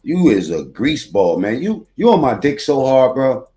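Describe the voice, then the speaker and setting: A man's voice: medium pitch, sing-song, moderate pace, mellow, faint music behind. A man hosting a reaction video, rambling in casual streetwise slang with plenty of profanity.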